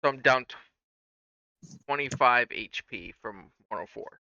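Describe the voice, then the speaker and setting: A man's voice: medium pitch, animated, measured pace, bright, forceful tone, dry recording, highs cut off. A man playing a tabletop game, checking the rules as he tracks his hit points. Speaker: player.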